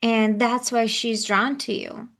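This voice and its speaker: Woman host coach, slow and affirming, higher gravelly voice. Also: flat delivery, a bit bright. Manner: affirming, encouraging. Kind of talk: coaching conversation.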